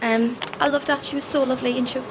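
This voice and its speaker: A woman's voice: high voice, fast talker, background noise. Chatty young woman vlogging on the go. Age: 20s. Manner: chatty, animated storytelling with laughs. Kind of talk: casual vlog chat. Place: out and about, shops and street.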